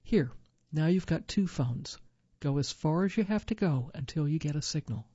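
Woman reading calm trapped older husband, steady delivery, dark tone. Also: sits low, normal speed, breathy edge, no echo, highs cut off. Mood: calm urging.

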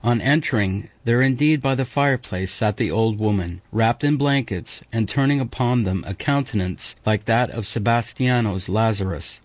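A man narrating a classic novel in a measured, even reading. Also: lowish voice, no room sound. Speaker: audiobook narrator. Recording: dull, dry audiobook recording.

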